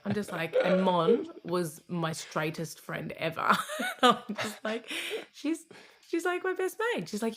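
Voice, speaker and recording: A woman's voice: medium pitch, expressive, unhurried, fairly bright tone, husky. A woman in her thirties with an Australian accent, a guest telling candid personal stories in a casual interview, often laughing and restarting her sentences. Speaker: guest, comedian and radio host.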